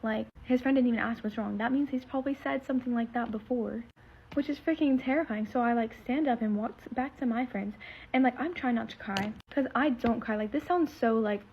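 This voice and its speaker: A woman's voice: on the high side, a little fast, a little hiss or hum. A teenage girl telling a story in a casual vlog, rambling and full of fillers as she retells something emotional. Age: teens. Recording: slightly muffled lo-fi recording.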